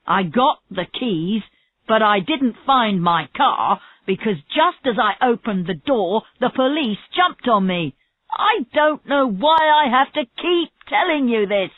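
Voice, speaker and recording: Woman reading a stubborn guy suspect in a police interview, slow, tinny phone-ish sound. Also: lowish voice, lively intonation, no room sound. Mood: defensive. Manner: stubborn denials, rising to angry shouts. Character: male murder suspect under police questioning, defensive. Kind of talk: reading a graded story aloud. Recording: tinny phone-like audio, dry.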